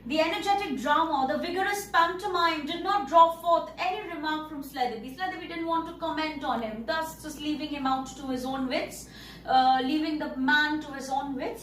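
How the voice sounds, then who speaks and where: A woman's voice: high-pitched, fairly bright tone, far from the mic, slight background noise. A woman teacher explaining a story to pupils, repeating and rephrasing words as she goes. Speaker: English teacher. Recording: echoey room, voice a bit off-mic.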